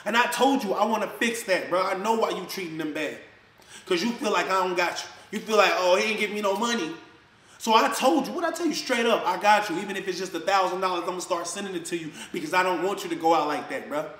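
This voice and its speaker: Man with a high voice, heated accusing rant, echoey room. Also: fast, a bit bright. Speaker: social media personality. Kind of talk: confrontational rant to the camera.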